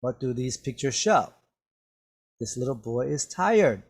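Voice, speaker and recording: A man teaching an English vocabulary lesson, explaining words slowly and checking in with "okay?" after almost every phrase. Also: medium pitch, very animated, breathy edge. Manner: repetitive, drawn-out explanations with many "okay?" checks. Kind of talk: slow classroom vocabulary lesson.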